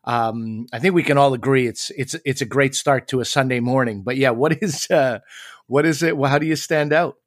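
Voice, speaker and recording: A man's voice: medium pitch, moderate pace, no room sound, clean studio sound. A man co-hosting a casual podcast chat, a comedian who slips into jokey, playfully mocking asides.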